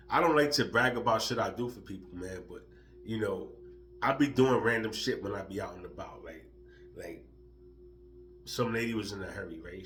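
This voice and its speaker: A man's voice: medium pitch, fairly bright tone, a little hiss or hum. A man talking casually to his viewers about living spontaneously, loose and profane, laughing often as he talks. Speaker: vlogger. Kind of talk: casual spiritual monologue.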